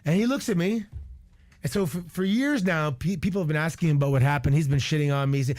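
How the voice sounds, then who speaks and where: Retired wrestler, 40s, from Canada; slightly high-pitched, blunt, profane storyteller, dry studio sound. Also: male voice, fast talker, darkish tone, no room sound. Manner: candid and profane, lots of restarts and quoted asides. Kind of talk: animated storytelling on a radio show. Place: radio studio.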